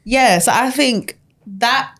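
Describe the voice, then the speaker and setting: A woman's voice: a little high, slow. A young woman, chatting candidly as a podcast guest and telling stories with slang. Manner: candid, animated storytelling with slang. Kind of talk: casual chat.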